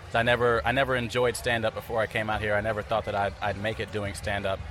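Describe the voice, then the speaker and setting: Fast, bright-voiced man from California. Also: fairly low pitch, completely flat delivery. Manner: upbeat, confident. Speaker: comedian interviewee. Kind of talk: casual interview.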